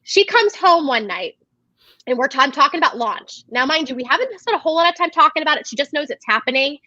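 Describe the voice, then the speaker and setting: Woman interview guest, high bright voice, animated storyteller, dry dull call audio. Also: fast talker, no echo. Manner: animated storyteller who acts out quoted dialogue. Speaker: podcast guest, direct sales coach. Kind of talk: casual interview chat.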